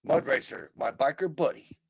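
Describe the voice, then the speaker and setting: A man's voice: normal speed, background noise. A man from the United States, bantering bluntly and swearing a lot in a casual chat.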